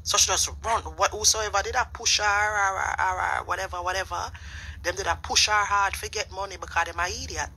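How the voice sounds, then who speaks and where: A Jamaican speaker chats casually in patois with a bright, sharp tone. The talk often trips over repeated words before pressing on. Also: mid-range voice, steady tone, brisk, slightly rough, low-quality recording. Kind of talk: casual commentary chat.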